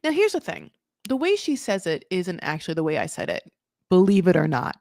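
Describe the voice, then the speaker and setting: A woman hosting a comedic recap, chatty and animated, laughing often and acting out quotes. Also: on the low side, fairly quick, no room sound, clean studio sound. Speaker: comedic recap podcast host.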